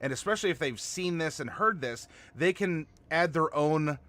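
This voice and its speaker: A man's voice: on the high side, animated, normal speed, a bit bright. A man hosting a casual discussion, talking in a conversational way and thinking aloud. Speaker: host.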